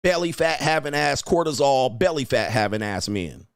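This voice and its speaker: A man hosting a livestream, ranting at his viewers in a loud, mocking, insulting way. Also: mid-range voice, animated, moderate pace, vocal fry, clear, resonant tone, no room sound, clean studio sound. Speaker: online dating coach host. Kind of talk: livestream rant.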